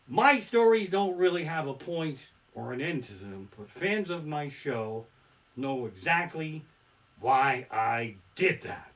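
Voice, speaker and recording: A man doing stand-up storytelling from his living room, ranting and swearing as he swings between muttered asides and loud outbursts. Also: a little high, very animated, normal speed. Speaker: stand-up comedian. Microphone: barebones home setup.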